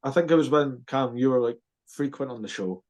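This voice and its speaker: A man's voice: medium pitch, a little fast. A man hosting a casual rugby podcast, joking and bantering. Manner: jokey, lively banter. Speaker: podcast host.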